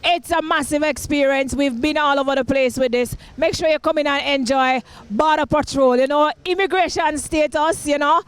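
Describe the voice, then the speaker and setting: Jamaican woman comic, very high voice, cheeky promo banter. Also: normal speed, hardly any pauses. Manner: bawdy, teasing, laughs often. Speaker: stand-up comedian. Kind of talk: playful promo chat.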